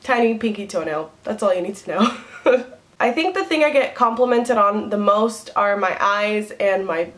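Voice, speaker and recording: A woman's voice: mid-range voice, animated, normal speed, a bit bright. A young woman vlogging to camera in a casual, rambling way, giggling often. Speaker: beauty vlogger.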